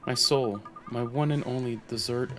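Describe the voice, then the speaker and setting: A man's voice: mid-range voice, steady tone, normal speed, soft background music, natural voice. A man reading the lines of a fretful, doting woman worried for her husband in a game, in a melodramatic way.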